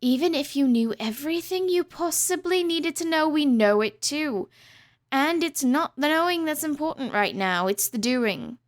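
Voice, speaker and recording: A woman's voice: high-pitched, lively intonation, normal speed, pitched above the performer's own voice. A woman voicing a stern, weary queen mother who talks firmly and curtly. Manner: firm, curt, dismissive.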